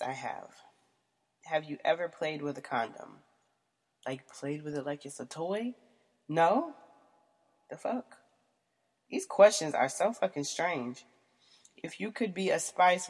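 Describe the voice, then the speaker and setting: A woman's voice: low-pitched, a little mellow, breathy edge. A young woman vlogger reading out questions and answering them in a casual, blunt, profane way, often laughing.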